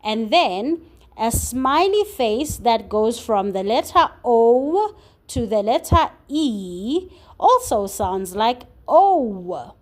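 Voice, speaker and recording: Slow, patient woman phonics tutor. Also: a little high, sing-song. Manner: slow, patient, clearly sounding out letters. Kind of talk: phonics lesson for young children.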